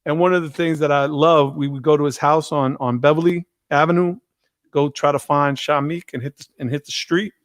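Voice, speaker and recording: A man hosting a live stream, telling stories in a casual, profane, animated way. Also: a little high, a little fast, no echo, studio quality. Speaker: host.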